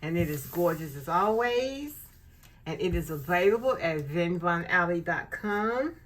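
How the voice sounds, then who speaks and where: A woman with a lowish, slightly bright voice hosts a casual unboxing vlog, gushing effusively over craft and faith supplies. Her intonation is lively, though she never hurries.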